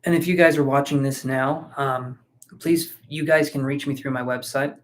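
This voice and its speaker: A man's voice: mid-range voice, steady tone, normal speed. A man giving a live-streamed tarot reading, chatting casually and thinking aloud with fillers, sleepy and yawning. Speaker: tarot reader.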